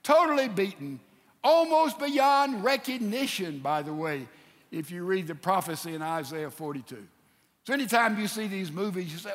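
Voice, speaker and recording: Animated preacher in an echoey hall. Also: male voice, high voice, moderate pace. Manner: animated storytelling, acting out voices. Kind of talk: sermon.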